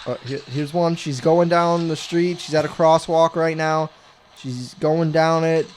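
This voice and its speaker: A man's voice: a little high, fairly even intonation, a little slow, a little hiss or hum. A young man hosting a podcast, rambling and swearing as he tells a story in casual chat. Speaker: podcast host.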